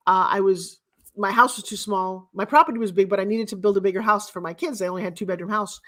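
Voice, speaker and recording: A woman's voice: mid-range voice, fairly even intonation, fast talker. A middle-aged woman giving a blunt, emphatic motivational talk as a guest speaker and mentor. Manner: blunt and emphatic, with sharp swings in loudness.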